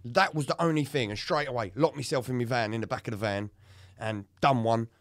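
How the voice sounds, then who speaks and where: A man's voice: mid-range voice, a little fast, dry recording, studio quality. A man co-hosting a casual podcast, recounting his own experience candidly and swearing freely as he tells it. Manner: candid, swearing, animated storytelling. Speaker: podcast co-host.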